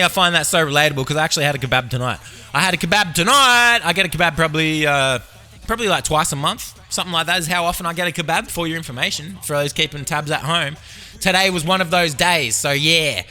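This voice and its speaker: Australian man, podcast host, bright and slightly high, rambling comic monologue. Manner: absurd, meandering, filler-heavy.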